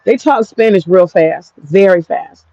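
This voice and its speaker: A woman's voice: medium pitch, unhurried, dry recording, lo-fi sound. An American woman with an African American English accent, telling a personal story in a frank, profane, rambling vlog. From United States. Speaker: vlogger.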